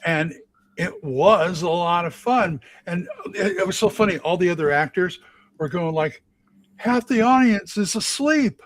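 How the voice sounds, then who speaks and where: A man with a slightly high voice tells meandering theater stories in a relaxed live chat, stopping and restarting as he goes. The sound is close and dry, with no room around it. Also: normal speed, no echo. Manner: rambling storyteller with many restarts. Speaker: regular of a live chat show, stage actor. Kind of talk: casual chat.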